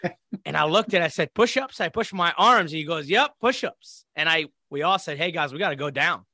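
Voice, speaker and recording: A man's voice: a little high, fast talker, dry recording, studio quality. A man from Iraq, a podcast guest, telling a story in casual conversation and acting out the voices of others. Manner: animated, acts out quoted voices. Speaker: interview guest.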